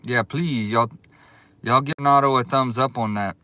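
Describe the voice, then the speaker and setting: Excitable man on a livestream. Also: mid-range voice, moderate pace, no room sound. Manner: excitable, drawling, thanks viewers repeatedly. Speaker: livestream host. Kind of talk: casual live chat. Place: outdoors.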